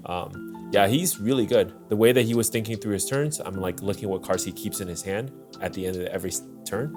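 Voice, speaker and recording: A lower-pitched man in casual podcast talk, animated and rambling with filler words. There is a faint bed of music under him. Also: fast. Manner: excitable, lots of "like" fillers. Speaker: podcast co-host. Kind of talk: casual chat.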